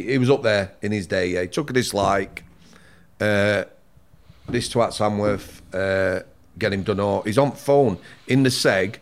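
Plain-spoken man. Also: lowish voice. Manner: plain-spoken, dialect grammar. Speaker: former prison officer. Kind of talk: casual chat.

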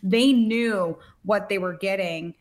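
A woman hosting a sports podcast in casual back-and-forth chat. She sounds bubbly and playful, tossing in quick asides as she talks. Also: mid-range voice, a little mellow. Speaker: podcast host.

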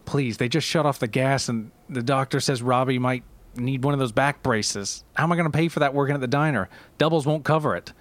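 A man voicing a brash, broke single mother who is blunt and sharp-tongued, in a comedy sketch. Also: medium pitch, a little fast, no room sound, natural voice. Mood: pleading.

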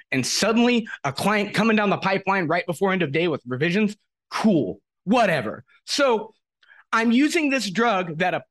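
A man's voice: high voice, fairly bright tone. A podcast host, a man, ranting angrily with heavy swearing, upset nearly to tears. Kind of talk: casual chat.

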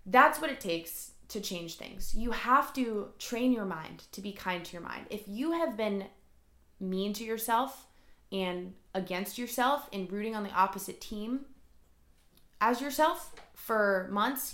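A woman's voice: medium pitch, lively intonation, measured pace, fairly bright tone, echoey room. Young woman, solo podcast host, earnest and a bit emotional, loose casual chatter. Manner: earnest and emotional, says "like" often.

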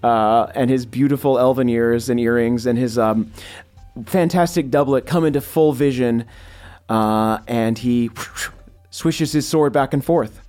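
Slow, dramatic male game master. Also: medium pitch, darkish tone, faint music behind. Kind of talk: narrating a tabletop game.

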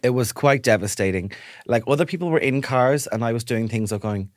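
Guy on a podcast telling a funny story, does voices, dead dry mic, mid pitch. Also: fairly quick, dry recording. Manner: animated storyteller, acts out voices. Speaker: podcast co-host. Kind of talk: casual chat, storytelling.

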